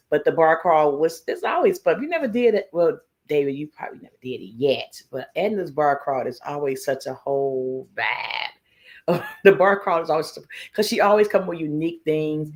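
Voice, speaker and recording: A woman hosting a casual live stream, telling stories animatedly, laughing often, swearing freely and greeting chat viewers by name. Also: low voice. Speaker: livestream host.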